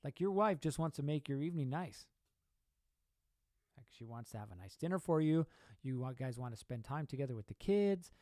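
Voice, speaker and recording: A man's voice: mid-range voice, animated, a little fast, darkish tone, dry recording. Emphatic man giving a motivational talk. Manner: emphatic, asks rhetorical questions and repeats points. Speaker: podcast host.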